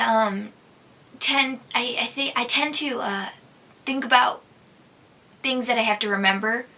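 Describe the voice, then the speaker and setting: A woman's voice: fairly high pitch, pushed and bright. A young woman from Minnesota hosting her own vlog, chatting casually and answering viewer questions, giggly and hesitant with plenty of ums. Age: young adult. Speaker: vlog host. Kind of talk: casual chat.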